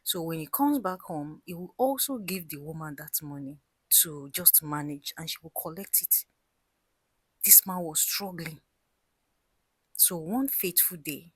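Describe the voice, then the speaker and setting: A woman's voice: sits low, fairly bright tone, slightly rough, dry recording. A woman telling a cautionary story and giving earnest advice, talking straight to her listeners, repeating words for emphasis and dropping to a whisper on key points. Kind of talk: storytelling monologue with life advice.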